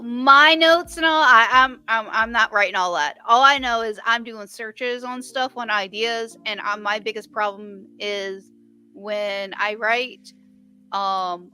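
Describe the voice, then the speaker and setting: Casual woman writer on a stream, rambly, bright sharp tone and smooth clear voice, faint music behind. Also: mid-range voice. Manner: chatty, rambling with restarts. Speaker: writer in a live writing stream. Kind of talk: casual chat.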